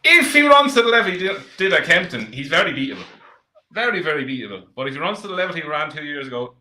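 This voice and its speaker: Bright, animated man in an echoey room. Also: a little high, fast talker. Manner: animated, teasing. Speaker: podcast panelist. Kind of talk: casual racing podcast chat.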